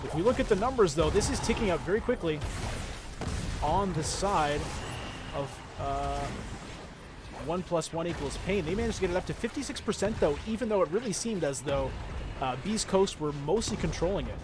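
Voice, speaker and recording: A man's voice: sits high, lively intonation, moderate pace, noisy background. Chatty man casting an esports match. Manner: jokey, chatty asides to the chat. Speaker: esports caster. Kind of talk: play-by-play game commentary.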